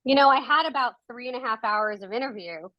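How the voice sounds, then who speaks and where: A woman with a fairly high voice talks fast, though the audio sounds dull. She's a documentary filmmaker appearing as a podcast guest, sharing reflective anecdotes in a casual interview chat.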